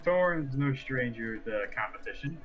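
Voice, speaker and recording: A man's voice: medium pitch, animated, moderate pace, lo-fi sound. Man playing a tabletop game. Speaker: player. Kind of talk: casual tabletop play.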